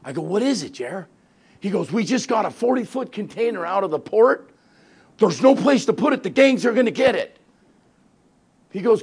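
A man's voice: high voice, sing-song, a little fast, long pauses, breathy edge. A middle-aged male pastor telling a story in a sermon, acting out both sides of the conversations and laughing often.

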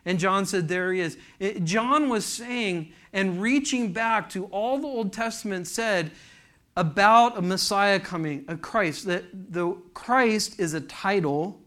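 A man's voice: high-pitched, takes it slowly, a bit bright. A man preaching a sermon to a congregation in a church, fervent and asking the room questions. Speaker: pastor.

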